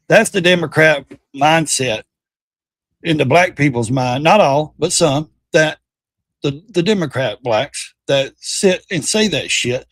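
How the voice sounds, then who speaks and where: A man's voice: fairly high pitch, big pitch swings, normal speed, no echo, studio quality. A man hosting a livestream, giving heated political commentary in a blunt, profane rant. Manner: mocks by quoting others in put-on voices. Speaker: livestream host.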